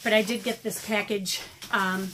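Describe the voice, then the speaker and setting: A woman's voice: mid-range voice, steady tone, moderate pace. A middle-aged woman chatting casually through an art supply unboxing, rambling with lots of ums and a little out of breath. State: slightly out of breath. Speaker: watercolor artist vlogger.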